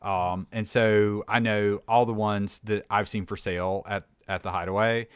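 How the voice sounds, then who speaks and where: A man's voice: lowish voice, fairly even intonation, moderate pace, clear, resonant tone, no echo, studio quality. A man with a Southern American accent chatting casually, rambling through stories with lots of "like" and filler words. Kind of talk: casual chat.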